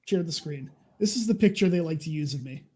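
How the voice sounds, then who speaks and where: Husky sarcastic man in his thirties. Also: a little high, expressive, fast talker, dark tone. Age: 30s. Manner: sweary, sarcastic ranting. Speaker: podcast co-host. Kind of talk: casual chat.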